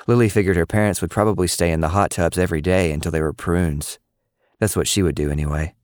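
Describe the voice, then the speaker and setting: A man narrating a story in a steady, even storytelling manner. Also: deep voice, fast talker, no echo, clean studio sound. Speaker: audiobook narrator. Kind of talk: scripted narration.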